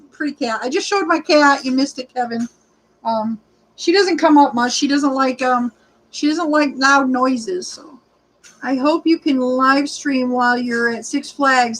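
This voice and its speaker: A woman's voice: high voice, fairly bright tone, low-quality recording. A woman in her early forties chatting on a livestream, rambling and greeting viewers by name, sometimes short of breath. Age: 40s. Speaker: livestreaming rideshare vlogger. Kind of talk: casual livestream chat reading comments.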